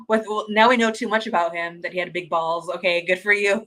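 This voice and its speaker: The host of a fan watch-party stream, a woman with a bright, medium-pitched voice, talks at a moderate pace while chatting casually and reading comments from viewers. She's gushing and excitable, laughs a lot and restarts sentences partway. The recording quality is low.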